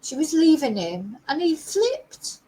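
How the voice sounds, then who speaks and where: A woman giving casual, opinionated true crime commentary, sarcastic at times and chatty with many fillers, her throat a little rough. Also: high-pitched, sing-song, slow pace, warm tone, low-quality recording. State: slight frog in throat, clearing throat.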